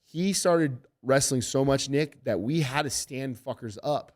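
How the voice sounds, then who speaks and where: A man's voice: medium pitch, measured pace. A middle-aged man, a fight coach, telling stories with heavy swearing in a casual podcast interview. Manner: animated, profane storytelling. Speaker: MMA head coach.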